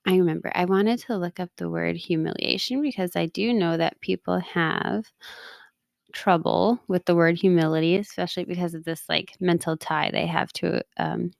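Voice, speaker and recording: Here she talks in a casual, personal way, frequently chuckling at herself. She's a podcast host and coach in her thirties, and her fairly low, creaky voice comes through clean studio audio with no room sound.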